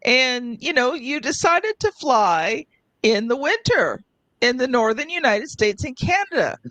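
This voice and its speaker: A woman's voice: high-pitched, very animated, a little slow, a bit bright, no echo. A woman hosting a podcast, telling a personal travel story in a chatty way with many fillers. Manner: chatty, uses many "like" fillers, mimics others. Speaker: podcast host. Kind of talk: casual chat, personal anecdote.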